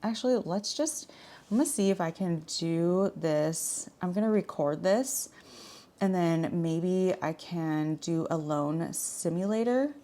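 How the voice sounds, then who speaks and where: Woman vlogger, thirties, casual chat, frank and rambling, slightly low pitch. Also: lively intonation, unhurried, dark tone. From Washington state. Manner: chatty, frank, full of "like" fillers.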